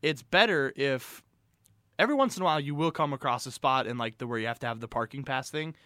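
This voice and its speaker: Young college dude, bright voice, joking around on a sports podcast, super dry sound. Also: male voice, mid-range voice, fast, no room sound. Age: young adult. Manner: joking, easygoing. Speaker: podcast co-host and college student. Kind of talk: casual sports podcast chat.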